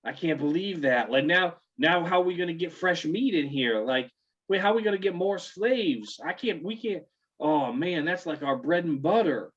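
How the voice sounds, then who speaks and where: A man's voice: on the high side, animated, normal speed, a bit bright, husky, voice pushed up. A man voicing a laid-back, crude young frat-bro cultist who drawls surfer slang, recorded on dull lo-fi audio. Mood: whiny.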